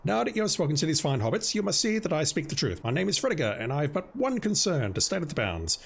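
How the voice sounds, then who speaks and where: A man's voice: on the high side, sing-song, fast talker, creaky, slightly rough, pitched above the performer's own voice, exaggerated voice. Man putting on a lofty young hobbit speechmaker. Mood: earnest. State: hoarse. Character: earnest young male hobbit rallying a crowd.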